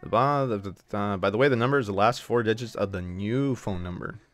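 A man's voice: on the low side, a little fast, a bit bright, a little hiss or hum. A man live-streaming a video game, chatting casually and trash-talking his chat with lots of swearing.

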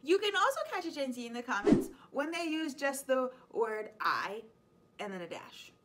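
A woman in her thirties, a high school teacher hosting a casual explainer vlog, chatty and playful, laughing often. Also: very animated, normal speed, very noisy.

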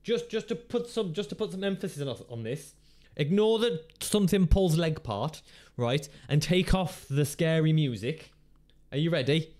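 A man's voice: a little high, animated, normal speed, darkish tone. A man hosting his own channel, chatting casually and rambling through jokes and playful swearing while reacting to videos. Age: adult parent of a teenager. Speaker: channel host.

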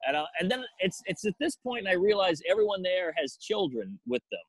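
Comedian guy telling a wild story, does goofy voices for everyone, kinda high voice, dry close sound. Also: brisk, slightly rough, no room sound, low-quality recording. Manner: animated storyteller acting out characters in exaggerated voices. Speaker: stand-up comedian. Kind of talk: casual storytelling chat.

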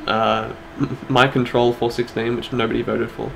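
A man co-hosting an online awards show in casual chat, laid-back and quick to laugh. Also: medium pitch, flat delivery, gravelly, a bit bright, a little hiss or hum, rough recording. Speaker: awards co-host.

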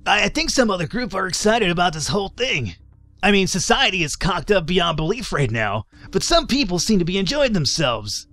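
A man voicing an excitable young male surfer in a zombie game, in a strained high voice. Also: moderate pace, full character voice. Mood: excited.

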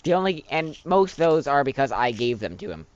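A raspy-voiced man chats on a livestream, bossing his friend around the game. His pitch leaps up and down as he talks. The sound comes through a dull, muffled mic. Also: big pitch swings, brisk. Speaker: friend coaching a gameplay stream. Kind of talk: casual chat on a livestream.

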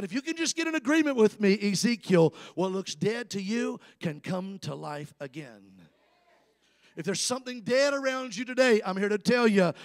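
A man preaches, his voice sitting high for a man. He drives rhythmic, repeated refrains at the congregation, then eases into a steadier storytelling tone as he retells scripture. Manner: rhythmic call-and-response preaching, shouting refrains; calmer storytelling when recounting scripture. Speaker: evangelist. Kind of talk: sermon. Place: church sanctuary with a congregation.

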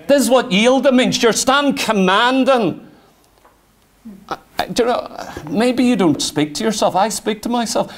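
High-voiced fervent male preacher. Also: moderate pace. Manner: fervent, rhetorical questions and self-dialogue. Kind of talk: sermon.

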